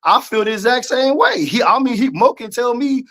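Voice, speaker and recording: A man with a fairly high voice co-hosts a casual talk show. He argues his side with emphasis, circling back to the same points in loose slang. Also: animated, normal speed, a bit bright. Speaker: podcast co-host. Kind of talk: casual debate chat.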